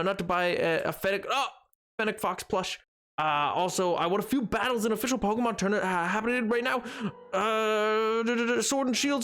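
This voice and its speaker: An excitable young man talks casually through a game stream, reading chat aloud and breaking into laughs. His voice sits high and swings wildly in pitch. Faint music plays underneath.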